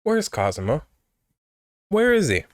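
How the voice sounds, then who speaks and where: A man commentating a game playthrough in a dramatic, excitable way, often breaking into laughter. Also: on the high side, slow pace. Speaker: game streamer. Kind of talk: let's play commentary.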